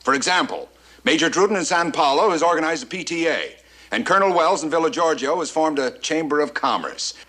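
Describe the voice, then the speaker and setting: A stern, sarcastic general. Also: male voice, a little high, expressive, brisk, sharp tone, rough recording. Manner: dry, cutting, commanding. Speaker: army general. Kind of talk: 1960s sitcom acting.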